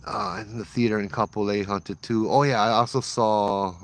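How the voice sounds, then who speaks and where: A man's voice: on the low side, moderate pace, no echo. A man casually telling ghost stories as host, chatty and using local slang. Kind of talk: casual storytelling.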